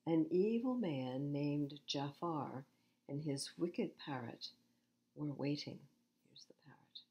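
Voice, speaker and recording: Slow, gentle woman reading a picture book. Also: low voice. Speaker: children's librarian reading picture books aloud. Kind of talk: children's storytime read-aloud. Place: public library.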